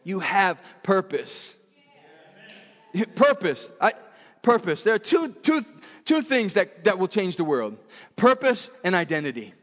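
A male preacher with a high, fairly bright voice gives an emphatic sermon, unhurried but with big pitch swings. He repeats points for emphasis and often restarts phrases mid-thought, and his voice rings with long reverb from a church hall.

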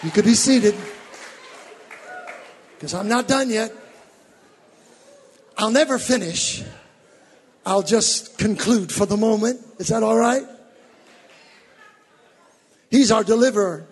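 A male preacher giving a fervent sermon, rising from teaching to shouted exhortations. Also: sits high, slow pace, pauses often, husky, long reverb tail.

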